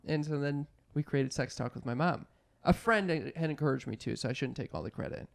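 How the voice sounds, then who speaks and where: A young man and comedian, a podcast guest telling animated, self-mocking stories. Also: a little high, a little fast, vocal fry, few pauses. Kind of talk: casual chat.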